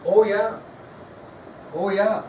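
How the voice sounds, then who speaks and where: A man lecturing a classroom in a relaxed, conversational way, often checking that his students are following. His voice sits a bit high for a man. He is recorded from across an echoey room, with faint noise underneath. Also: drawn-out words, distant mic. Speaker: history teacher.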